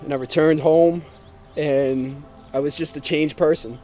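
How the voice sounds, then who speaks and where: A man's voice: a little high, steady tone, unhurried, dark tone, soft background music. A man earnestly and emotionally telling his personal testimony, sometimes repeating himself as he speaks.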